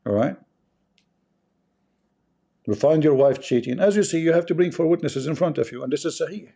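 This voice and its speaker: A livestream host talks in a slightly raised voice with a dark, mellow tone. He is sarcastic and repeats himself, tossing in chuckling asides. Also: a little high, fairly quick, creaky. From Arab world. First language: Arabic. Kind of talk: mocking livestream commentary.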